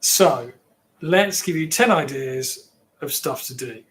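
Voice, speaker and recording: Here an English livestream host talks slowly and expressively in a mid-range, somewhat bright voice. He meanders casually, chatting with his audience and reacting to their comments.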